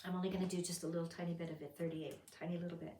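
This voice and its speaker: A woman's voice: on the low side, level tone, racing, recorded from a distance. A woman teaching a Bible study, telling the story dramatically and acting out the characters' lines. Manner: dramatic, acts out quotes with sudden loud outbursts. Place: fellowship meeting room. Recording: roomy sound from off the mic.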